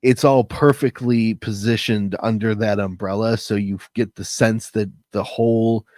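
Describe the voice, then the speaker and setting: A man's voice: fairly low pitch, fairly even intonation, measured pace, darkish tone, dry recording. A man who works as an editor, talking in a casual podcast chat, thinking aloud and hunting for words. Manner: thoughtful, searching for words with fillers. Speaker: editor and literary coach.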